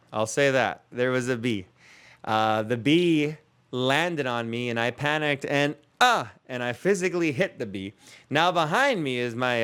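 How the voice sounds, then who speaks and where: Smooth-voiced man spinning comic stories. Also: fairly high pitch, fairly bright tone. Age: 30s. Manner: self-mocking, chuckles through his own stories. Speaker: comedy podcast host. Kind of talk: rambling comedic storytelling.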